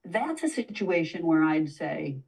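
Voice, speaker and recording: A woman's voice: low voice, very animated, a little slow, vocal fry, a little mellow, far from the mic, rough recording. A woman dog trainer, a guest in a conversational interview, explaining at length and now and then acting out what a dog might say. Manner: explanatory, acts out dog voices in quotes.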